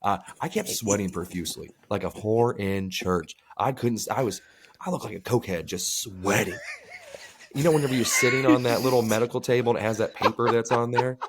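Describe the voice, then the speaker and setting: A man's voice: lowish voice, brisk, background noise. A man co-hosting a podcast, telling rambling, profane stories in casual chat. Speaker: podcast co-host.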